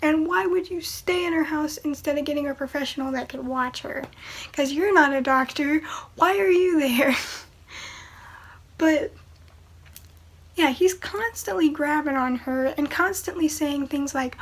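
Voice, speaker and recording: A woman's voice: high-pitched, measured pace. A woman casually reviewing a movie in a chatty, opinionated way, with exasperated asides.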